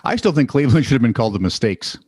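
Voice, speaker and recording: An American man co-hosts a comedy news podcast, teasing his partner and laughing often. His voice sits in a middle pitch. The recording is dry and close, with no room sound. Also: sing-song, rapid-fire, a little mellow, husky, no echo. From United States. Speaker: podcast co-host. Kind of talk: casual comedic news chat.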